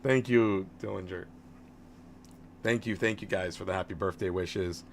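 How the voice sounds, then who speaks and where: Deep and gravelly, this thirty-something man's voice comes at normal speed over a little hiss or hum. He's a game livestreamer talking casually and amiably, rambling and frequently restarting what he says.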